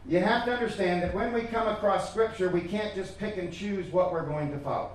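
A man's voice: high voice, a little fast, a little hiss or hum. Man, pastor, sermon, emphatic, repeats himself, strongly echoey hall, distant mic. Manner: emphatic, repeats words, addresses listeners directly. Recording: echoey room from far off.

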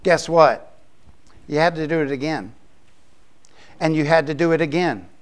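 A man preaching as a pastor, explaining scripture in a conversational way with quick asides. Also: fairly high pitch, clear, resonant tone. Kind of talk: sermon.

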